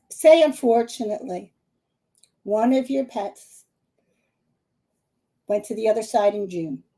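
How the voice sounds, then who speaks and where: Chatty high-voiced woman from the Philadelphia area. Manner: chatty, animated, laughing often. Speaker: psychic medium hosting a live stream. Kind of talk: casual live-stream talk to viewers.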